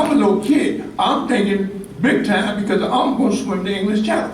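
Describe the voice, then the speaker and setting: An older man from Harlem tells a story in a speech, lively and acting out each character. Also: sits high, a little fast, few pauses, a little hiss or hum. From Harlem, New York. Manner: animated storyteller, acts out quotes. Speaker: ceremony speaker. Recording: echoey hall from far off, faint ambience.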